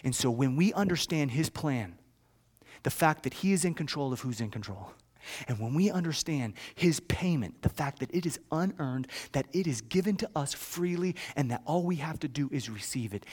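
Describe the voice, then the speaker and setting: A man with a high voice delivers a sermon in a loose, conversational way. He drops to near-hushed tones when telling a story, then rises to loud, emphatic declarations. He often restarts and checks in with listeners. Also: lively intonation, moderate pace. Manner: conversational preaching with frequent restarts and check-ins. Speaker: pastor.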